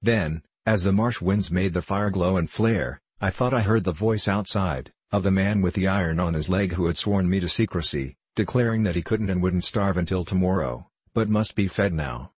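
A man reading a classic novel aloud as an audiobook narrator, in a measured, even storytelling manner. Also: low voice, breathy edge, dry recording.

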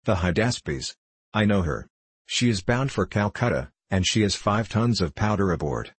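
A man's voice: fairly low pitch, expressive, normal speed, slightly rough, dry recording. A male narrator voicing a hearty ship's officer in an audiobook. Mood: urgent. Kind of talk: audiobook character voice.

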